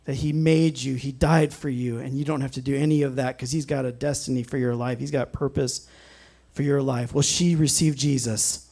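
A man's voice: medium pitch, steady tone, normal speed, gravelly, warm tone. A man preaching a sermon, telling a personal story in an earnest way and breaking into frequent amens. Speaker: pastor.

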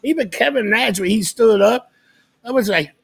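A man's voice: high-pitched, normal speed, gravelly, fairly bright tone, slight background noise. A man co-hosting a podcast, chatting casually and ranting with lots of profanity. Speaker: podcast co-host.

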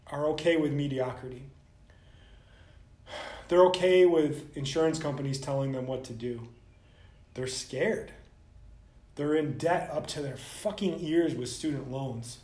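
A man hosting a vlog, ranting bluntly and profanely straight to the camera as a soft tissue clinician. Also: a little high, echoey room.

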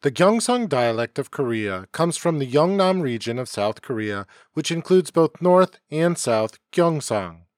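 A man narrates a homemade history podcast in a steady, explanatory manner. His voice sits somewhat high for a man. The recording is dry, with no room sound. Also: no echo. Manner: measured, explanatory delivery. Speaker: podcast host. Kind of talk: scripted educational narration. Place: home setup, dry sound.

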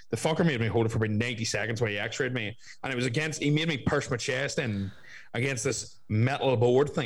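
A man's voice: mid-range voice, poor audio. A man telling a story in casual podcast chat, swearing a lot and acting out the people in it.

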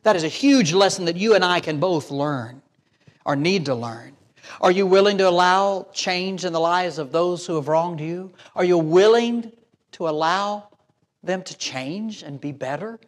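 A pastor in full sermon, a man whose voice sits high and climbs higher when he presses his point. He reads scripture aloud and slips into quick imagined voices to make it land. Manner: emphatic preaching, acts out imagined voices.

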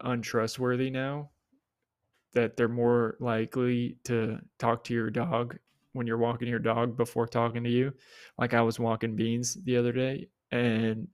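A man's voice: dry recording, studio quality. A young man hosting a solo podcast in a rambling, casual way, with offhand swearing. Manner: rambling, swears casually, mimics people in high voices. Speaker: podcast host.

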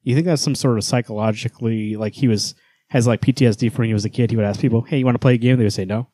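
A man's voice: on the low side, steady tone, very fast, dark tone, no echo, clean studio sound. A man in his thirties co-hosting a podcast, rambling casually, laughing often and swearing now and then. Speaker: podcast co-host. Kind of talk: casual chat.

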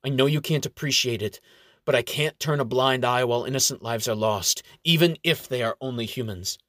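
A man's voice: mid-range voice, brisk, a bit bright, no echo, clean studio sound, natural voice. A man voicing a young, idealistic male elf who speaks earnestly and with determination.

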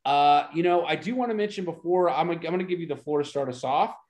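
Talking fast in a fairly high, darkish voice, this man co-hosts a podcast and casually reviews a wrestling event from years back. His recap is relaxed but full of enthusiasm.

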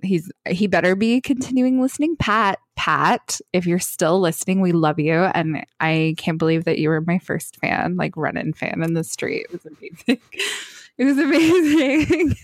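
Lively laughing young woman podcaster. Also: lowish voice, no echo, clean studio sound. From Canada. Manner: laughs often, animated storytelling. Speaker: podcast co-host. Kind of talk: casual chat.

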